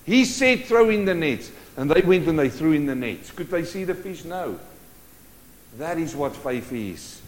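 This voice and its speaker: A man preaching a sermon, swinging from loud urgent bursts to hushed, intimate lines. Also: fairly high pitch. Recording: long hall reverb.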